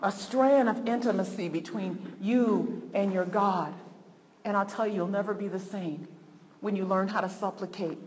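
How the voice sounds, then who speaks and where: A woman's voice: medium pitch, moderate pace, darkish tone. A woman preacher delivering a fervent sermon, repeating phrases for emphasis. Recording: long hall reverb, faint noise.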